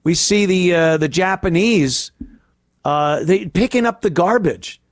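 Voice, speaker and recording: Slow, crude-talking male podcast host. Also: high voice, dry recording, clean studio sound. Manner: crude, profane and rambling. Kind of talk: casual comedy podcast rant.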